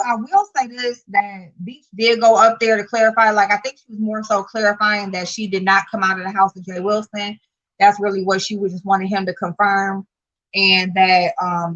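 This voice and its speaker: A woman's voice: mid-range voice, a bit bright, highs cut off. A woman, a channel host giving casual, profane commentary, blunt and sassy, rising to exasperated outbursts. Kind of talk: casual live-stream commentary.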